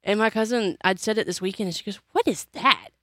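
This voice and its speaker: A woman's voice: mid-range voice, brisk, no echo. An American woman chatting casually, telling stories with lots of fillers. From United States. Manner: chatty, animated storytelling with many fillers. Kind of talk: casual chat.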